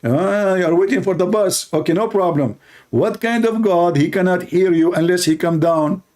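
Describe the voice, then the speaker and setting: A man's voice: high voice, normal speed, a little mellow. Sarcastic man. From Middle East. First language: Arabic. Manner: sarcastic, mocking, blunt. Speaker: Christian apologist. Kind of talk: mocking debate commentary.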